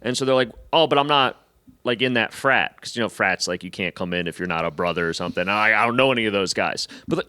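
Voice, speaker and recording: A man's voice: on the low side, quick pace, clean tone. A stand-up comedian, a man, telling a profane, self-mocking story in casual chat, acting out the other people in raised voices. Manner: animated, acts out quotes in raised voices. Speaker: stand-up comedian, podcast guest.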